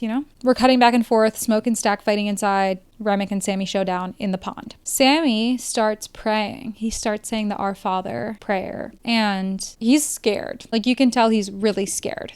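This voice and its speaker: A woman talks through a film review as a podcast host, chatty and thinking aloud, with "like" dropped into her sentences. Her voice is smooth and resonant, neither high nor low for a woman. She keeps a loose, conversational flow. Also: a little mellow. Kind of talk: casual spoken film review.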